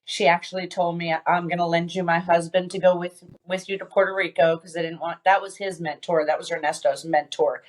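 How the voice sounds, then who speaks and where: A woman with a fairly low voice speaks as a podcast guest, telling a personal story. She talks haltingly, with frequent "um"s and restarts, as she recounts what happened. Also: flat delivery. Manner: halting, many fillers and restarts.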